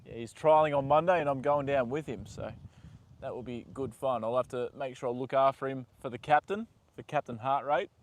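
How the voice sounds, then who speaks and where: A young man live-streaming from a horse paddock, chatting with viewers and talking softly to his horse. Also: medium pitch, brisk. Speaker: livestream host. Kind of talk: casual live stream chat.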